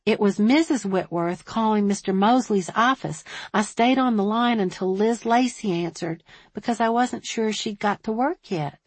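A woman's voice: mid-range voice, normal speed, slightly rough, no echo, voice pushed up, lightly acted. A woman voicing a chatty small-town switchboard operator who is eager and a bit defensive.

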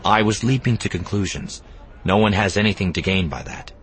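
A man voicing a calm, measured male Jedi hero in a quiet, low voice. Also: a little hiss or hum, natural voice.

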